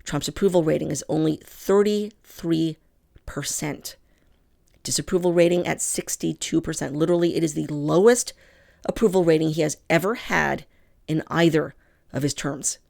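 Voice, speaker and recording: Low-pitched and creaky, with a darkish tone and a moderate pace, this woman hosts political commentary. Addressing her audience as "people," she talks directly to camera in an impassioned, emphatic monologue.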